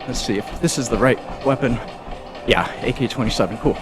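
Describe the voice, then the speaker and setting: A gaming streamer rants casually while exercising on a treadmill as he plays, talkative, rambling, and a bit preachy. His mid-range voice runs fairly quick, with music clearly audible behind him.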